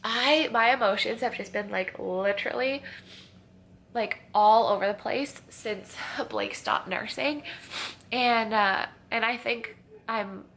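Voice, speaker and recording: A woman's voice: a little high, vocal fry, fairly bright tone, slight background noise. A young woman chatting to her camera at home, rambling and confessional, tired and tearful with sniffles. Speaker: vlogger. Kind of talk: casual chat. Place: at home in a kitchen.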